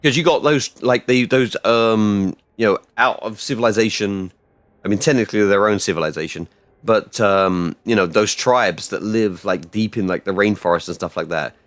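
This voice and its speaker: A man streaming a game live, rambling casually and bursting out loudly when things go right. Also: fairly low pitch, moderate pace, no room sound. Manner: rambling and excitable, with loud outbursts. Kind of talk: casual live-stream chat while gaming.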